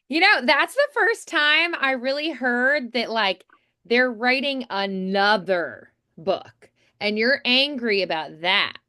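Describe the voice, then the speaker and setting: A woman's voice: on the high side, lively intonation, takes it slowly, bright, forceful tone, no room sound, studio quality. A woman coaching a voiceover student in an encouraging, chatty way with many fillers. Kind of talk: coaching feedback, conversational.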